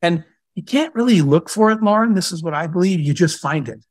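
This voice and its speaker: A man telling stories to an audience, slipping into the voices of the people in them. His voice sits a little high for a man, and the sound is dry and close. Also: fairly quick, no echo. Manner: animated storyteller who acts out dialogue. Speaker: guest speaker and entrepreneur. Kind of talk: storytelling in a live Q&A talk.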